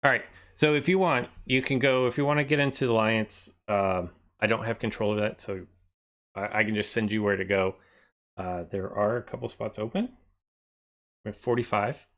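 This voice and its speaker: A man chatting casually on a live stream, thinking aloud and often trailing off into quieter mumbles as he reads from his screen. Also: lowish voice, fairly even intonation, moderate pace.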